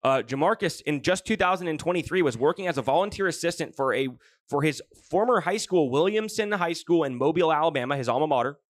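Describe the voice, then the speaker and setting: A man hosting a casual sports podcast, telling stories in an animated, jokey way with plenty of swearing. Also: on the high side, fast, no echo, studio quality. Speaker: podcast host.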